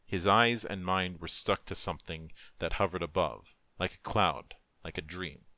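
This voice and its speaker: A man who is a streamer reads a dark fantasy story aloud with a solemn, emotive, measured delivery into a close microphone. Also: deep voice, no echo. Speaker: narrator, streamer. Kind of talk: dramatic story reading.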